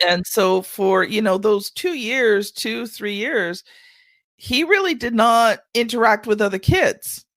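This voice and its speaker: An older woman hosting a podcast, telling stories in a chatty, animated way. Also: a little high, slow, dry recording. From Canada. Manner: chatty storyteller, acts out children's voices. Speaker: podcast host. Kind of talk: casual chat.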